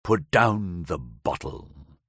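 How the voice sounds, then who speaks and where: A cruel middle-aged nobleman from a storybook thriller, as the narrator puts him on, speaking low and slow with sneering menace. His voice swings widely in pitch, delivered close and dry with no room sound. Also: animated, fairly bright tone, husky, no echo, heavily acted. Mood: menacing sneer. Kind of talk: audiobook character voice.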